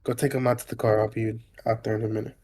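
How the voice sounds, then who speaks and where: A man voicing a protective middle-aged father who is gruff and blunt but caring. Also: fairly low pitch, level tone, fast talker, voice pushed down, natural voice. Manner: gruff, blunt, quietly earnest.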